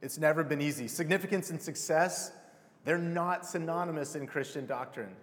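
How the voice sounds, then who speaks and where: A man's voice: fairly high pitch, normal speed, a bit bright. Emotional casual male preacher in a reverberant hall. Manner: casual, emotional, addresses crowd as "you guys". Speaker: pastor. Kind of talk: sermon.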